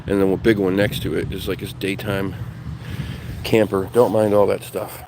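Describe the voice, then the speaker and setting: A man's voice: low-pitched, flat delivery, moderate pace, gravelly. A man hosting his paranormal investigation show, chatting casually and thinking aloud to his viewers in a rambling way. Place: at home, partly outdoors by the pets' houses. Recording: noisy home recording.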